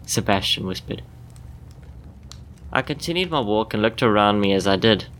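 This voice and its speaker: A man calmly telling a first-person short story in scripted narration for a podcast. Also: on the low side, normal speed, a little hiss or hum.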